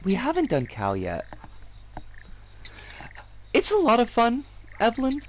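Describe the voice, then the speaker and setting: An American woman in her forties chatting casually on a game stream, animated and giggly with sudden excited squeals. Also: a little high, unhurried, slight background noise. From United States. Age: 40s. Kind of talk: casual livestream chat while gaming. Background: game music.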